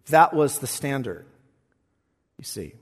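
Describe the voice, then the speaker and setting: A male pastor preaching a sermon, expressive, swinging between loud passages and hushed ones. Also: medium pitch, slow pace, slightly rough, long reverb tail.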